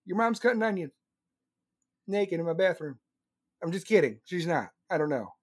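A man on a live stream ranting loudly and sarcastically about politics, mocking the other side in put-on voices. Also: sits high, animated, normal speed, dry recording, studio quality.

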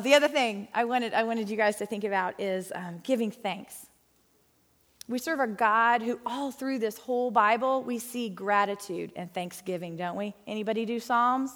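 A woman teaching a Bible study in a church hall, earnest and conversational with playful asides. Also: fairly high pitch.

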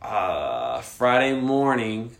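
A young man co-hosting a casual podcast, telling a story with lots of slang and swearing and getting loud and animated at the scary parts. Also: mid-range voice, very slow, creaky. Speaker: podcast co-host. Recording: echoey room.

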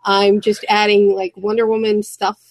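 A woman co-hosting a casual round-table podcast, chatting in a quick, storytelling way full of fillers. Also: mid-range voice, little pitch movement, rough recording. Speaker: podcast co-host.

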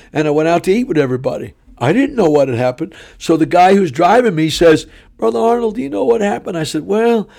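A man preaching with a drawl, his voice sitting a little high for a man. He tells his story in an animated way and plays the other people's lines himself. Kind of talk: sermon testimony storytelling.

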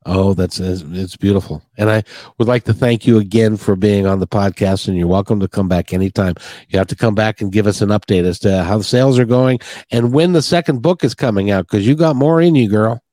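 Podcast host, male, rambling and sincere, slightly low, dry close recording. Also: fairly quick, warm tone, no room sound. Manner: rambling, earnest, with many restarts. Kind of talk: heartfelt podcast interview chat.

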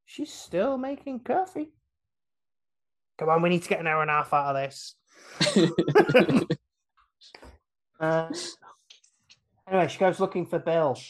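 A man on a casual podcast, retelling a film's plot with lively energy, acting out the characters' lines and laughing often. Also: a little high, measured pace, pauses often. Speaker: podcast guest retelling a film.

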